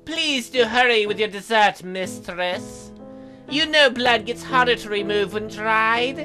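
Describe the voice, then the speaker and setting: A woman's voice: fairly high pitch, unhurried, music in the background, close to an everyday voice. A woman voicing a patient, obedient young male butler who speaks politely and grumbles mildly. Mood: dutiful. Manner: polite, dutiful, mildly complaining. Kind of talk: let's play character voice.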